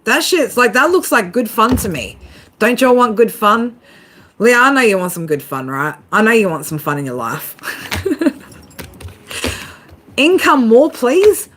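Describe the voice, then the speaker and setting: A woman's voice: medium pitch, lively intonation, normal speed, a bit bright, slight background noise. A woman giving a casual tarot reading to her viewers, swearing freely, laughing often and talking straight to them. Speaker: tarot reader.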